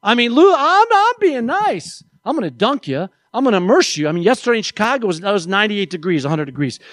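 A male pastor delivering a lively sermon in a high voice. He talks with a playful, animated manner and acts out quoted voices. His voice is close and dry, with no room echo. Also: fast.

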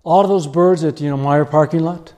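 A man preaching a sermon with animated storytelling, chuckling often as he talks. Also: a little high, a little fast.

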